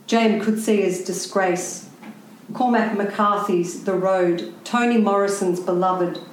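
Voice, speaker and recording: A woman writer giving a prepared talk to a live audience, speaking in a wry, deliberate and pointed way. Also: mid-range voice, a little mellow, slight background noise. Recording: very echoey room.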